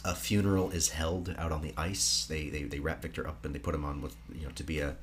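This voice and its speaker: A man co-hosting a casual film podcast, retelling the plot dramatically and dropping to soft whispers. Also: extremely low pitch, flat delivery, fast talker, a little hiss or hum. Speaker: podcast co-host.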